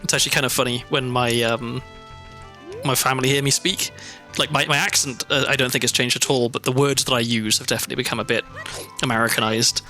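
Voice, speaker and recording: A man's voice: mid-range voice, steady tone, fast talker, bright, forceful tone, soft background music. A young man from South Wales with a mild Welsh accent, chatting in a meandering, self-deprecating way while streaming a game. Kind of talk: casual gameplay commentary.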